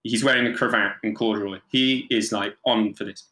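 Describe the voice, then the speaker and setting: A man's voice: lowish voice, a little fast. A man, a photographer, telling anecdotes casually with plenty of fillers and acted-out voices. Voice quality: animated, lots of fillers and mimicry. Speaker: photographer, podcast guest. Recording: roomy echo.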